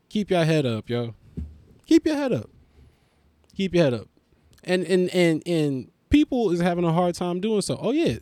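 A man from Haiti hosting a podcast, telling a street story in a casual, profane, animated way and acting out other people's voices. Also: fairly high pitch, no echo. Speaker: podcast host, comedian.

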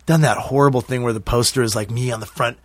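A man's voice: medium pitch, steady tone, fast talker, no echo. Loose, joking guest actor, a man. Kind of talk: casual podcast chat.

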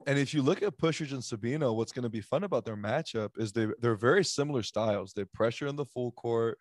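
A man's voice: mid-range voice, fast talker, no room sound, studio quality. A man hosting a casual sports chat, joking and rambling with lots of fillers as he runs through picks. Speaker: sports podcast host.

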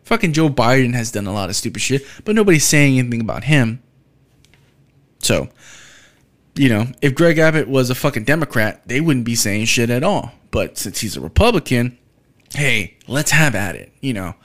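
A man's voice: medium pitch, big pitch swings, moderate pace, a bit bright. A young man from Texas hosting a podcast, delivering a blunt, profane solo rant. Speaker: podcast host.

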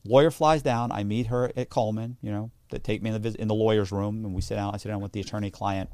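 A man's voice: lowish voice, fast, no echo, clean studio sound. A man recounting a long personal story in an interview, with frequent restarts and self-corrections. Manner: animated anecdote-telling, mimics others in dialogue. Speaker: interview guest. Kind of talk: casual storytelling.

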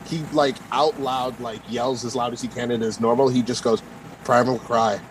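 A man's voice: mid-range voice, fairly even intonation, moderate pace, a loud crowd, rough recording. A man playing a tabletop game, rambling with lots of fillers. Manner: rambling, full of "like" and "um". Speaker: player. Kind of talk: casual tabletop play.

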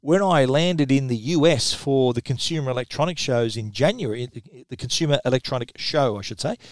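Chatty and animated, this middle-aged Australian man delivers tech news at a quick, casual clip in a mid-range voice, frequently restarting what he's saying.

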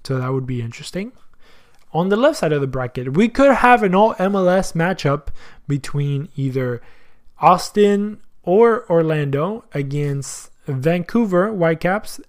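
A man hosting a soccer podcast in casual chat, slangy and thinking aloud as he goes. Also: fairly high pitch. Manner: chatty, thinks aloud, asks himself questions.

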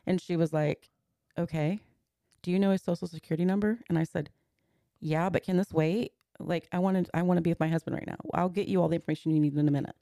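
Her voice lowish, warm and gravelly, a woman in her forties tells a personal story as a podcast guest, moving earnestly through events step by step and quoting others in their voices. She talks fast and keeps a steady tone. The recording is close and dry, with no echo.

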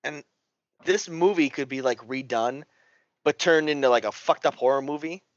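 A man chatting casually about a movie, swearing often and reacting with animated disbelief. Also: mid-range voice, normal speed, no echo, lo-fi sound.

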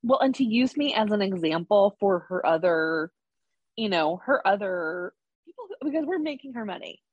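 Woman guest, husky low-ish voice, rambly and frank, dull dry audio. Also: animated, normal speed, dry recording. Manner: frank, rambling, full of fillers. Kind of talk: candid personal story.

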